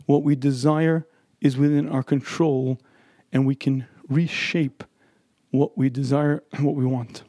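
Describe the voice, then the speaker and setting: A man giving an earnest, emphatic Torah lecture who keeps clearing his throat. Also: medium pitch, little pitch movement, a little slow, warm tone, no echo. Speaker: religious lecturer.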